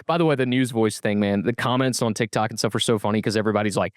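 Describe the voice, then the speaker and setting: A man from Mississippi with a light Southern drawl, co-hosting a casual podcast, talking quickly with lots of restarts and a broadcaster's inflection. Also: on the low side, fairly even intonation, dry recording, clean studio sound. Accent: soft Southern US drawl, toned down. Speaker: podcast co-host and TV sports broadcaster.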